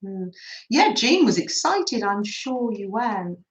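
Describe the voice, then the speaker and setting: A woman from England with a medium-pitched voice speaks slowly with big pitch swings. She's hosting a craft livestream from a room at home, sewing while chatting casually with viewers and laughing often. The recording sounds echoey.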